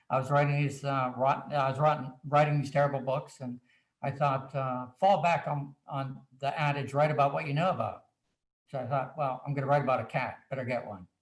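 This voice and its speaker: Animated storyteller man in an echoey room. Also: mid-range voice. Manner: animated storyteller acting out quoted asides. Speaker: guest author. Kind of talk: anecdotal storytelling on a video chat.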